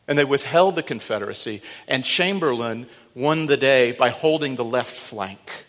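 A middle-aged male pastor preaching a sermon, moving between quiet, low asides and loud, fervent exhortation. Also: brisk, few pauses. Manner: dynamic preaching, swinging from hushed to loud and fervent. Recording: long reverb of a large hall.

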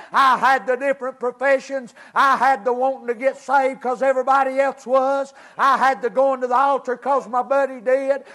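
Middle-aged preacher man with a very high voice, preaching fervently in church. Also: a bit bright. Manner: fervent preaching with repeated "amen" and "praise God". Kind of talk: sermon. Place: church service.

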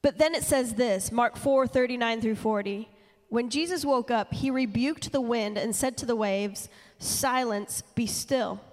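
A woman's voice: fairly high pitch, moderate pace. A woman sharing candidly from the church platform, earnest and building in intensity as she preaches. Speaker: speaker at church. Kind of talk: sermon. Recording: long reverb of a church hall.

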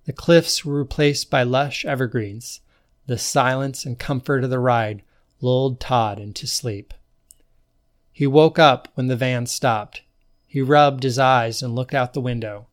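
A man narrating a story for his podcast, reading at a steady, even pace. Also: medium pitch. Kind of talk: scripted narration.

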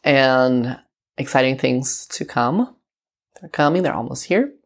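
Female vlogger, low pitch, gushing casual chat. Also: lively intonation, a little slow. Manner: gushing, chatty, lots of fillers. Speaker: vlog host. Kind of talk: casual song reaction talk.

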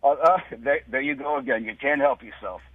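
A man's voice: medium pitch, fairly quick, no room sound. American man on a tinny phone line. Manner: indignant, persistent, sarcastic. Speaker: caller. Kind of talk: call-in radio argument.

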